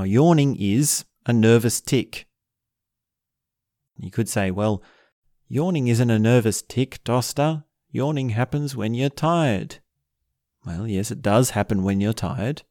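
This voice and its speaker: A man's voice: on the low side, a little mellow, no echo, clean studio sound. A man hosting a self-help video, talking through a practical tip in a playful, wandering way. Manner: playful, wandering, breaks into laughs. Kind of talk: casual spoken tip monologue.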